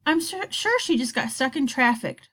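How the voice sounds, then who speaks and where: A woman voicing a kind old woman who works the front desk of a school, speaking lower and softer than her own reading voice, gentle and reassuring. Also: lively intonation, moderate pace.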